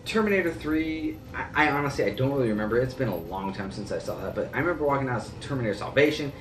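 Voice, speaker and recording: A man's voice: mid-range voice, a bit bright, reverberant, far from the mic. A man giving an earnest, rambling, casual reaction to a film as a movie reviewer.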